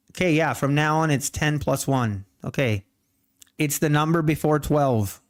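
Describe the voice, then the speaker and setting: A man hosting a casual trading livestream, rambling and correcting himself, then playfully defending his speech to chat. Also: fairly high pitch. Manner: slow, rambling, self-correcting.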